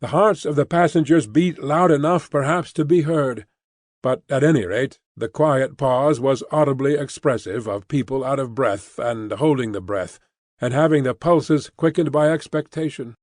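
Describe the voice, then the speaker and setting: A man narrating a classic novel in an expressive storytelling reading. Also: mid-range voice, moderate pace, no echo. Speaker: audiobook narrator. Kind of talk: scripted narration. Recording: dry close studio recording.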